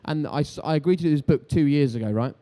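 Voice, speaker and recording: A TV sports presenter appearing as an interviewed guest tells lively anecdotes on a live event stage before an audience. He talks fast in a slightly high voice, animated and quick, acting out voices in his stories.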